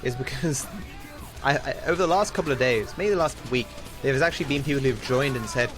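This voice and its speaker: With game music playing in the background, a young Australian man rambles casually while streaming, giving candid opinions and often restarting his sentences. He talks fast in a mid-range voice.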